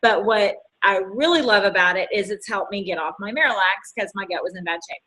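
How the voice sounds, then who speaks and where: A woman's voice: medium pitch, brisk, bright, forceful tone, rough recording. A woman with a Southern US accent co-hosting a casual chat, talking enthusiastically and agreeing readily. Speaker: network marketing co-host. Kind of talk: casual sales coaching chat.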